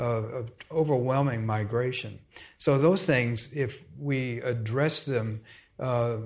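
Measured Texan man explaining. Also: medium pitch. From Texas. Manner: measured, explanatory, with frequent fillers and restarts. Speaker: author. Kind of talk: onstage conversation.

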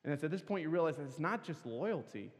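A man's voice: a little high, lively intonation, fast talker. A man preaching at a campus worship service, telling a scripture story earnestly and pressing hard on key words. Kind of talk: sermon. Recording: long hall reverb.

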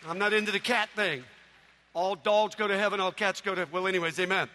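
A man preaching a sermon in a church, telling humorous stories with animated delivery. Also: sits high, fairly quick, long reverb tail, a little hiss or hum.

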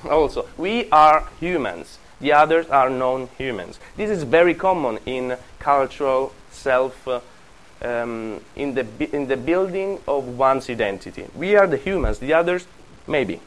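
A man gives a classroom lecture in English. He talks at a moderate, middle pitch and often stops to restart his sentences. His delivery is thoughtful and unpolished. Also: animated, a bit bright, low-quality recording. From Italy. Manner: halting, with frequent restarts and fillers.

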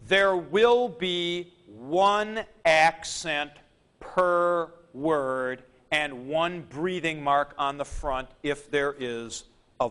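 A man teaching a Greek grammar lecture at a board, deliberate and methodical, with dry joking asides. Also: a little high, pushed and bright, clean tone. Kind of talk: classroom lecture.

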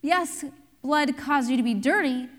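Lively high-voiced woman preaching. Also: measured pace, big-room sound. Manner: lively storytelling with call-and-response. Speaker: pastor. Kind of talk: sermon.

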